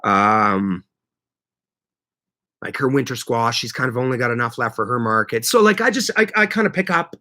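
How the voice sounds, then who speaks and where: A man from Manitoba hosting a casual livestream, greeting viewers by name and chatting in a lively, laughing way. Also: medium pitch, moderate pace. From Canada (Manitoba). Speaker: livestream host reading chat.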